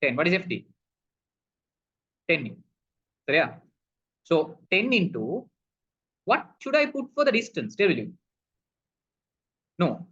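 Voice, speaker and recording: A man's voice: high-pitched, huge pitch swings, slow, long pauses, pushed and bright, breathy edge. A male physics teacher walking through a problem, asking questions and answering them himself, calling the students "people". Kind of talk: recorded physics lesson. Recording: dull lo-fi recording.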